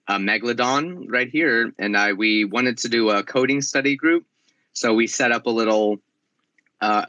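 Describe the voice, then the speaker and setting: A man's voice: lowish voice, pushed and bright, no room sound, highs cut off. A man hosting a casual online audio chat, encouraging and chatty, with lots of fillers. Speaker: host of community audio space.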